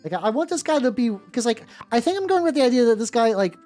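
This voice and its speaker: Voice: mid-range voice, very animated, fast, mellow. Rambling streamer chatting while painting. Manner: rambling, many restarts and swearing. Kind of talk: casual livestream chat. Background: faint background music.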